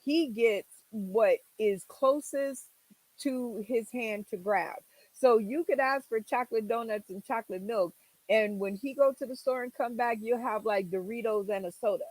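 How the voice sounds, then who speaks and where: A woman's voice: on the high side, moderate pace, a little mellow, dry recording, low-quality recording. A woman hosting a casual livestream, chatting and telling stories with an exasperated tone. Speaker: livestream host.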